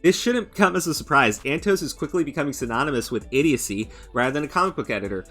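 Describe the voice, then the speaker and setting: A man's voice: medium pitch, lively intonation, fairly bright tone. A man hosting a commentary channel, ranting in a sarcastic, mocking and profane way, stumbling over restarts and fillers. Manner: halting restarts and stammered fillers. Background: faint background music.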